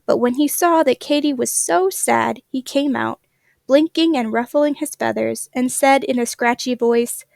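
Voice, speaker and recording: A woman reads a children's picture book aloud, gentle and expressive. Her voice is high with a gravelly edge, recorded close and dry. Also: unhurried, no echo. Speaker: storybook reader. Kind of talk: children's story read-aloud.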